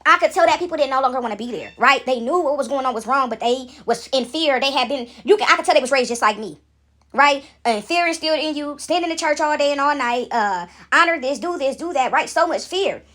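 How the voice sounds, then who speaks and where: A woman's voice: high-pitched, fast. A woman telling a story in a casual way, calling her listeners y'all and checking in with "right?". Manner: animated, addresses listeners as y'all, asks "right?".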